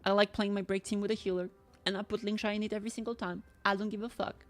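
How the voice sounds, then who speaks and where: A streamer with a French accent plays a game and chats casually, swearing freely, in a fast, flat, medium-pitched voice. Soft music plays in the background of her gameplay commentary.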